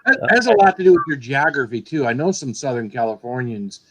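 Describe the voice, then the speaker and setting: A man chatting casually, explaining things in a relaxed way. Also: medium pitch, fast, dry recording, low-quality recording. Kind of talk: casual chat. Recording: dry close sound.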